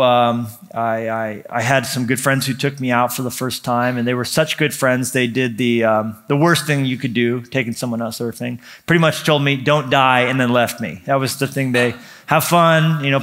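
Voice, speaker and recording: A man delivers a sermon as a pastor. His voice sits at an ordinary middle pitch. He moves from measured scripture reading into lively, self-mocking storytelling, stumbling over restarts as he builds up a story. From United States. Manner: conversational and animated, self-deprecating storytelling with repeated restarts.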